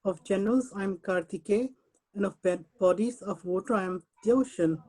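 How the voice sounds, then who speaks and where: A woman reading an English translation of scripture in a group session, slow and careful, sometimes stumbling over names. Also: mid-range voice, darkish tone, poor audio. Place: someone else's home, on an unfamiliar computer.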